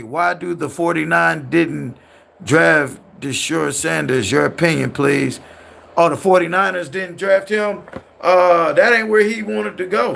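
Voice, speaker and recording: A man's voice: fairly high pitch, gravelly, sharp tone, slight background noise. A man with a California accent and Southern slang, hosting a casual livestream and talking loosely and ramblingly to his chat. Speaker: livestream host.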